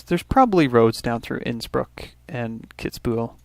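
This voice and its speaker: A man from Canada talks through his strategy game at a middling pitch, wandering between remarks and correcting himself mid-sentence. The sound is dry and close, with no room around the voice. He keeps up a relaxed stream of gameplay commentary. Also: unhurried, creaky, no echo. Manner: rambling, thinking aloud with restarts and small asides. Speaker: let's play host.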